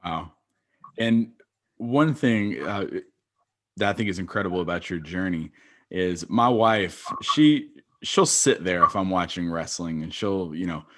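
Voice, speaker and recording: A man's voice: low voice, unhurried, fairly bright tone. A man hosting a podcast, asking long rambling questions in a casual chat. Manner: rambling, many fillers and restarts. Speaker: podcast host.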